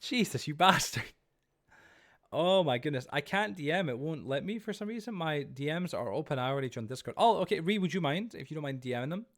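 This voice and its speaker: A man's voice: fairly high pitch, expressive, quick pace, few pauses. A man streaming live, chatting casually and rambling to his viewers while he plays, easily startled. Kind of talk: casual livestream chat while gaming.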